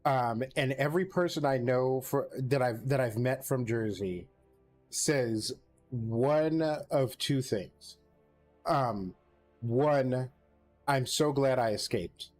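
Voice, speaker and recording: Brief: man host, middle pitch, wry and meandering, casual talk. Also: slow, darkish tone, soft background music. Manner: rambling, hesitant, wry. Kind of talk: casual chat.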